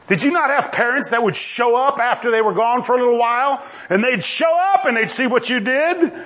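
A male preacher with a very high voice and a lively, swooping delivery. He preaches forcefully, climbing into shouts. Mocking asides break up the sermon.

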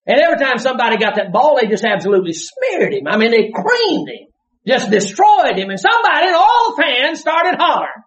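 Lively shouting preacher man. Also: extremely high pitch, quick pace. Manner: animated, shouts punchlines and laughs while preaching. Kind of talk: sermon. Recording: dull lo-fi sermon recording.

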